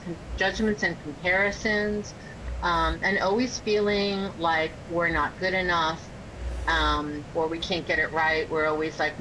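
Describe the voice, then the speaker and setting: A woman with a lowish voice speaks as a podcast guest, measured and methodical, stringing terms together one after another. A loud low rumble sits under the recording throughout. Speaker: guest, energy healer and spiritual coach. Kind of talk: casual podcast interview.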